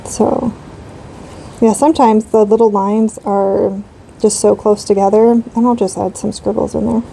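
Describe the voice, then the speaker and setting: A woman's voice: mid-range voice, fairly even intonation, a little slow, gravelly, mellow, slight background noise, low-quality recording. A woman in her thirties chatting casually while she colors, rambling with lots of fillers. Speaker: coloring channel host.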